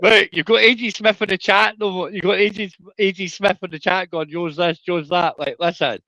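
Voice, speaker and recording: A man's voice: high voice, fairly quick, creaky, pushed and bright, dry recording, poor audio. Brash sweary Scottish man. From Scotland. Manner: brash, sweary, talks over others. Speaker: streamer. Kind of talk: casual livestream chat.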